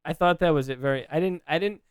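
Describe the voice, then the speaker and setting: A man co-hosting a podcast in casual chat, animated, laughing often and restarting his sentences. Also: on the high side, fast talker, smooth, no room sound. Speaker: podcast co-host.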